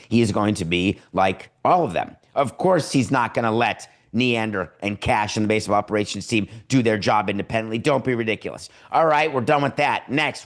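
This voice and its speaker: A man hosting a podcast from his home studio and giving sarcastic, riffing sports commentary. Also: lowish voice. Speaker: podcast host.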